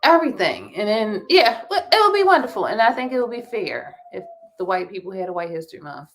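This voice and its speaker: A woman chats on a podcast in a lively, laughing way. She often stammers and restarts mid-thought, then rushes on. Her voice sits at an ordinary middle pitch. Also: slight background noise. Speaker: podcast co-host. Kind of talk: casual chat.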